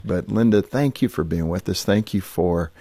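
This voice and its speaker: A man's voice: deep voice, normal speed, dark tone, dry recording. A man hosting a radio interview, speaking in an affirming, encouraging way to his guest. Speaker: radio host.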